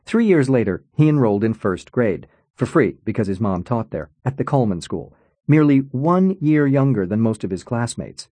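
A male audiobook narrator with a wry, expressive delivery whose pitch moves in lively swings. His voice is mellow and slightly husky. The recording is dry and close, with no room sound. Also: moderate pace, dry recording. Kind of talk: scripted narration.

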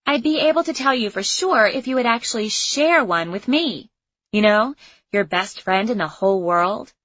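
A woman's voice: mid-range voice, lively intonation, moderate pace, a bit bright. A woman voicing a teenage girl, a teasing and doubtful best friend, in a storybook reading. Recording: slightly muffled lo-fi recording.

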